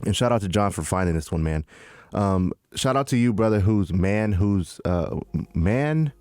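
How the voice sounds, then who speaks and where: A man co-hosting a casual crypto podcast, animated and slangy, calling people "man" and "dude". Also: fairly low pitch, normal speed, clean tone, no echo. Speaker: podcast co-host. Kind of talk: casual chat.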